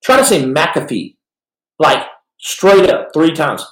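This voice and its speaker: A man's voice: on the high side, big pitch swings, takes it slowly. A man in his forties hosting a podcast livestream, telling stories in a rambling, jokey way and answering chat questions. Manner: rambling, jokey, swings between loud bursts and soft mumbles. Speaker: podcast host. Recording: echoey room.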